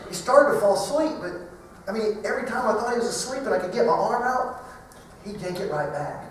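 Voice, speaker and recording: A middle-aged man speaking at a banquet, telling a funny personal story in an animated way and acting out the voices. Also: high voice, fairly quick, a little hiss or hum. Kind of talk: humorous storytelling talk. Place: large banquet hall. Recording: echoey hall from far off.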